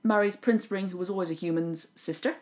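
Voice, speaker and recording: An Irish woman co-hosting a podcast, retelling a folk tale in a lively, joking chat. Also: mid-range voice, fairly quick. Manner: animated, joking narration. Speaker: podcast co-host. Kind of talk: casual storytelling chat.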